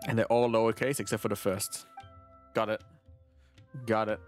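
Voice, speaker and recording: A man streaming a game live, chatting casually as he plays, rambling, swearing freely and often clearing his throat. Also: lowish voice, little pitch movement, normal speed, soft background music. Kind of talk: casual live gameplay commentary.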